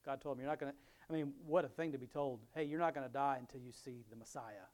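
A man's voice: mid-range voice, fast. A middle-aged man preaching, reading Bible verses aloud and breaking off into chatty commentary with frequent chuckles. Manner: reads scripture aloud, then chats and chuckles between verses.

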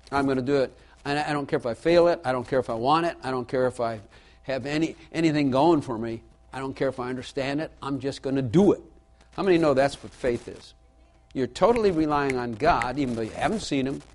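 A man preaching a sermon in a folksy way, repeating his key lines for emphasis and asking the audience questions. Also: medium pitch. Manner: folksy storytelling with asides to the audience.

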